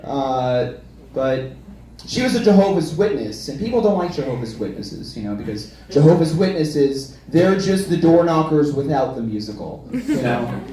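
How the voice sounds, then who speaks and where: A young man delivers wry, self-deprecating stand-up in a slightly high voice. His sound rings with heavy room reverb, picked up from a distance. An audience laughs close around him. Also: expressive, normal speed. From Kansas, US Midwest. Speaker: stand-up comedian. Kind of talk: stand-up comedy. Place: small comedy show venue. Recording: echoey room, far mic, crowd.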